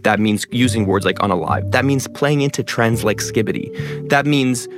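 A man speaking as an interview guest, talking fast and stressing many words. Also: medium pitch, over music. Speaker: guest, content creator. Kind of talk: interview conversation.

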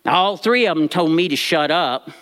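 A man telling a funny personal story from his childhood with comic timing and drawn-out pauses. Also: on the high side, expressive, fairly bright tone.

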